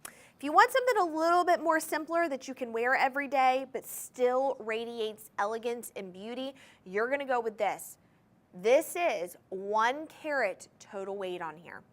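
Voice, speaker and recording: An upbeat woman with a slightly high voice hosts a live jewelry sale on a shopping channel. She chats enthusiastically, talking directly to the viewers at home from a TV studio. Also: animated, normal speed. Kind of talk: live TV jewelry sales pitch. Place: TV studio with controlled lighting.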